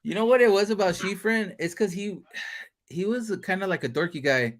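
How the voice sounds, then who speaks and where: A man's voice: high-pitched, fairly quick. A man hosting a casual podcast chat, joking and teasing his guest with lots of swearing. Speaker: podcast host.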